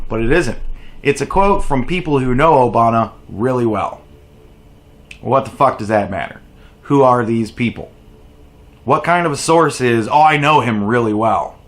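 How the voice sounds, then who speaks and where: A man hosting a political commentary video, ranting sarcastically and profanely over news clips. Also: medium pitch. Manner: profane, mocking, animated rant.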